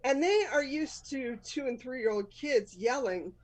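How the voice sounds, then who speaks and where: A woman's voice: high voice, animated, a little slow, low-quality recording. A woman in her fifties with a Boston accent, hosting a live storytelling show, telling a personal story candidly and laughing often at herself.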